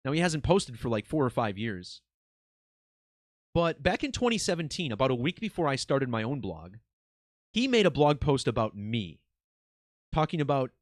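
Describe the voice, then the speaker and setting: Lively man chatting to his viewers. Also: medium pitch, moderate pace, dry recording, clean studio sound. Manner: excited, conversational, swears casually. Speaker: video host. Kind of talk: casual monologue to viewers.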